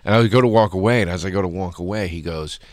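A man's voice: deep voice, fast, darkish tone, no echo, clean studio sound. A middle-aged man, a guest comedian, telling a story on a casual podcast and acting out both sides of it.

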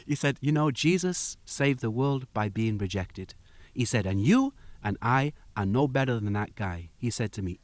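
Man, guest, animated storyteller, acts out quotes, mid pitch, dry sound. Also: dry recording. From United Kingdom. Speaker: interview guest. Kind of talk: storytelling in a conversation.

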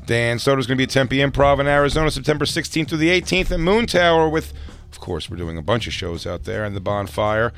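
A man co-hosting comedy radio with a teasing, wisecracking manner. His voice is mid-pitched but moves around a lot. He reads out tour plugs in the same loose way. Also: animated, fast talker, fairly bright tone. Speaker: radio co-host. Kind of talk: casual comedy radio banter.

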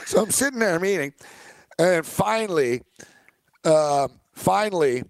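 A man's voice: high-pitched, animated, unhurried, no room sound. Chatty man telling a story, dry sound. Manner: storytelling, joking, lots of "like" fillers. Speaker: podcast co-host; sports media reporter. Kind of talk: casual sports banter.

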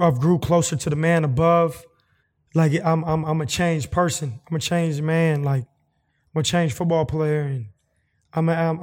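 A man's voice: a little high, darkish tone. A football player answering an interview question in an earnest way, often stumbling and repeating his words.

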